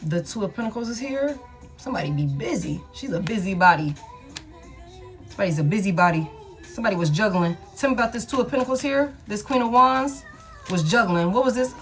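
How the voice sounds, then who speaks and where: A woman's voice: medium pitch, expressive, a little fast, faint music behind. A woman giving a casual tarot reading, speaking in a slangy, emphatic and repetitive way, with frequent swearing. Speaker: tarot reader.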